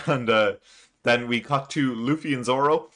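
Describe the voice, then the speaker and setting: Bright-toned man chuckling through a recap. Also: mid-range voice, measured pace. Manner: chuckles often, loose and rambling with many fillers. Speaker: manga reaction channel host. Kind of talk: casual chapter recap.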